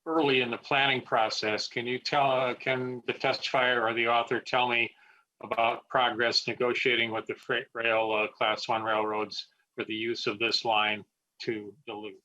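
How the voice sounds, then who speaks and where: A man, a state legislator, asking a deliberate, halting question at a committee hearing. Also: medium pitch, little pitch movement, bright, forceful tone. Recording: dull, lo-fi audio.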